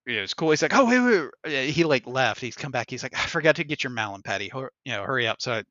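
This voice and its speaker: A male podcast host tells stories in an easy, chatty way and acts out the voices of the people in them. His voice has a bright, forceful edge. The sound is dry and somewhat dull, like a lo-fi recording. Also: mid-range voice, quick pace, no echo. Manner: animated storyteller acting out others' lines with laughs. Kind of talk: casual chat, storytelling.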